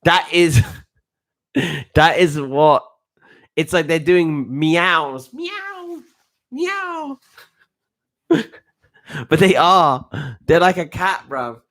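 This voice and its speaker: A man's voice: on the high side, slow pace, long pauses. A man giving a casual, rambling live reaction to a football match as a coach, full of restarts and slang. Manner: excitable, rambling, with frequent restarts and slang like "bruv".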